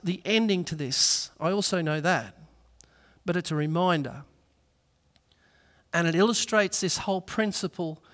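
High bright-voiced preacher. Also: male voice. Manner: earnest storytelling, acts out voices in anecdotes. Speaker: pastor. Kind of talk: sermon. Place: church. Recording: reverberant church hall.

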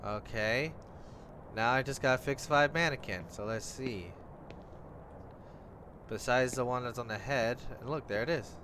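A man's voice: mid-range voice, a little slow, pauses often, bright, forceful tone, slight background noise. A man giving casual let's-play commentary on a horror game, talking to himself and swearing when startled. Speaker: gamer playing a horror game.

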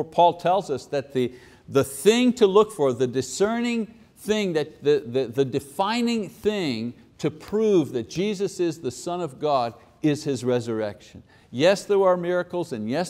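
A man's voice: fairly high pitch, darkish tone. Conversational male Bible teacher. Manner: casual, acts out voices of people in the text.

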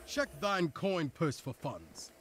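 A man's voice: a little high, very animated, slow, a bit bright, slight background noise, exaggerated voice. An actor playing a nerdy young man who speaks in mock-archaic, theatrical game dialogue.

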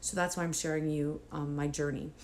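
A woman's voice: low-pitched, level tone, fairly quick, background noise. A woman speaking to camera as a mom coach, nervous and emotional, close to tears with nervous laughs, then earnest and encouraging toward other moms. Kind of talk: personal vlog talking to camera.

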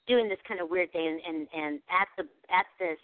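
Woman guest, casual animated storyteller, tinny phone-line audio. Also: on the low side, moderate pace, clean tone, no room sound. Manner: animated, acts out quoted dialogue. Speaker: guest telling an encounter story. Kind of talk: casual storytelling on a radio show.

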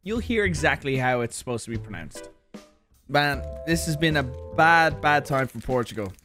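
A man's voice: a little high, expressive, normal speed, sharp tone. A young Irish man rambling and joking as he tastes and reviews snacks, now and then mock-defensive, over faint music. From Ireland. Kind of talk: casual snack review vlog.

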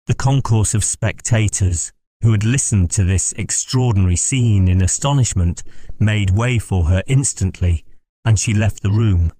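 A man narrating an audiobook in a measured, even storytelling voice on a close mic. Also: low-pitched, husky, no room sound.

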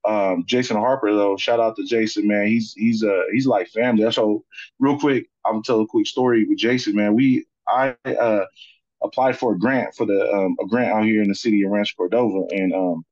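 A man from Sacramento, California, a podcast guest telling a story in a relaxed, casual way, full of "you know" fillers. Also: fairly low pitch, brisk, no echo, lo-fi sound.

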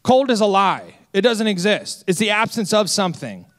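A man in his twenties, a senior associate pastor, preaching a sermon with lively self-deprecating stories. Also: high-pitched, normal speed. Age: 20s. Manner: energetic, storytelling with self-deprecating humor.

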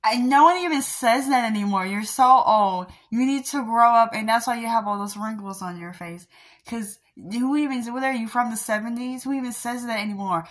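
A woman's voice: fairly high pitch, lively intonation, normal speed. A young woman venting to her viewers about a rejection, rambling with sighs, trailing off and nervous laughs. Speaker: vlogger. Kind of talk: emotional rant to camera.

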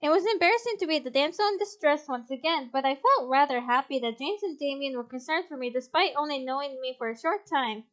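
A woman's voice: sits high, expressive, fast, hardly any pauses, fairly bright tone. A woman playing a visual novel, reading its text aloud and commenting, often breaking into giggles. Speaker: game streamer.

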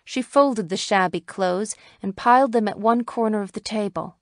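A woman narrating a classic short story in a measured, even storytelling manner. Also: mid-range voice, no echo, studio quality. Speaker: audiobook narrator.

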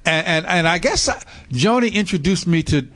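A man's voice: high voice, lively intonation, moderate pace, fairly bright tone. A man hosting a radio health show, enthusiastic and casual, often repeating words as he looks for them. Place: radio studio.

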